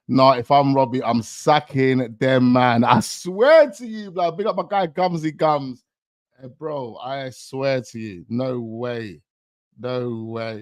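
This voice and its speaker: A man hosting a casual reaction show, excitable and full of street slang. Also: medium pitch, no echo, studio quality. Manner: excitable, heavy street slang, breaks into laughter. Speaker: host reacting to a rap video.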